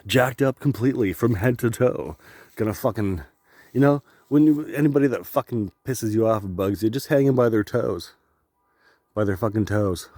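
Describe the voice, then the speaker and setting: A man's voice: lowish voice, normal speed, darkish tone, no room sound, studio quality. A man rambling through a joking, profane solo monologue, laughing often. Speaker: vlogger.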